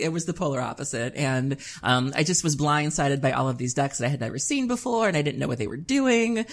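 A woman with a low-pitched voice chats casually on a podcast. She tells her stories with animated, exasperated leaps up in pitch. Her delivery is conversational and expressive. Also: normal speed, hardly any pauses. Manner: animated storyteller, big pitch jumps when exasperated. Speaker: podcast co-host.

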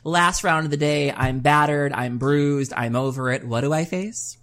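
A woman co-hosting a casual podcast, telling stories with big exasperated swings in her voice. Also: moderate pace. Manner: animated storyteller, big pitch jumps when exasperated. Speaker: podcast co-host.

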